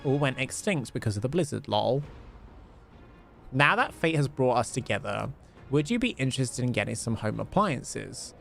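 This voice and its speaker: A chirpy alien appliance salesman, read aloud by a man, pitching his deals in a casual way. The voice bounces around in pitch and has a gravelly edge. Quiet game music sits underneath.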